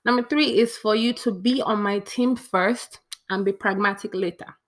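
A woman's voice: mid-range voice, fairly even intonation, normal speed. A young woman, chatting playfully to camera as she counts off a list. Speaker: vlogger. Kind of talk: casual talk to camera.

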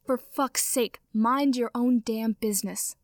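A woman's voice: on the high side, a little slow, no echo, natural voice. Woman reader doing a sneering, growling young vampire man in an audio fic, dry close sound. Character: predatory young male vampire, taunting and crude.

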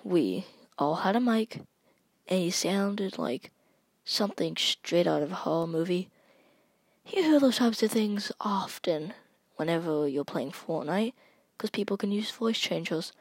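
Slow, gravelly-voiced woman telling a spooky story. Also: on the low side, lively intonation, dry recording. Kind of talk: spooky first-person story narration.

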